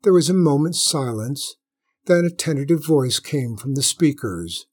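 A man narrating a story in a measured, dramatic storytelling manner. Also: a little high, lively intonation, darkish tone, breathy edge. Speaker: audiobook narrator.

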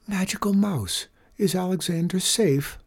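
A man's voice: lively intonation, moderate pace, warm tone, close to an everyday voice. A man reading a storybook aloud and voicing a kind, worried old woman. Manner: anxious, raised pitch. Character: fretful kindly old woman.

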